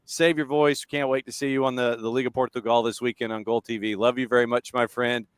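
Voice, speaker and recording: A man hosting a casual soccer podcast, relaxed as he runs through betting odds like a list. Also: medium pitch, fairly quick, clear, resonant tone, dry recording. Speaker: podcast host. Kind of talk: casual chat.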